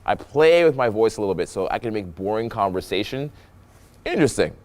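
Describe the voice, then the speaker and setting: A young man gives dating advice over clips of himself. His low voice rises and falls with a lot of melody, and he plays with loud and soft on purpose to make plain talk sound lively. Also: quick pace. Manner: animated, playful voice that swings loud and soft. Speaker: dating coach. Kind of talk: voice-over commentary on infield footage.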